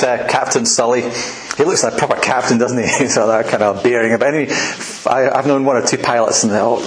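A man preaching to his congregation in a loose, conversational way, cracking jokes and chuckling as he goes. His voice sits at an ordinary middle pitch and carries round a roomy church hall. A faint hiss lies under the recording. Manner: chatty, jokey, laughs at his own asides. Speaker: pastor. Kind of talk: sermon.

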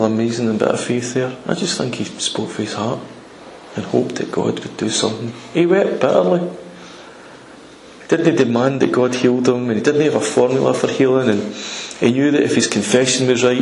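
Man, preacher, casual sermon, emphatic, gravelly, echoey room with faint hiss. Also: mid-range voice, steady tone, brisk, darkish tone. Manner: conversational, emphatic, dramatizes scripture. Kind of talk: informal sermon.

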